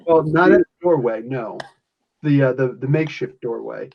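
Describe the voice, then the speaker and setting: A man's voice: mid-range voice, normal speed, creaky. A man from New Jersey, the game master, narrating a tabletop game in a rambling, chuckling way with many fillers. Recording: dull lo-fi sound.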